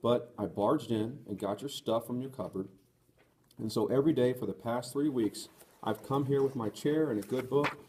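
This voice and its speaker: A man reading the part of a young woman who is tender and resolute, in an earnest, gentle voice. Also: mid-range voice, moderate pace, close to an everyday voice. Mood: joyful.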